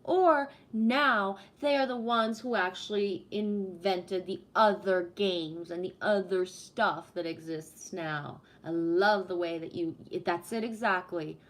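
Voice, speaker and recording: A middle-aged woman from Canada chatting casually on a livestream, telling stories in an animated way with a lot of swearing. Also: on the low side, takes it slowly, hardly any pauses. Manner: animated storytelling with heavy swearing. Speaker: livestream host.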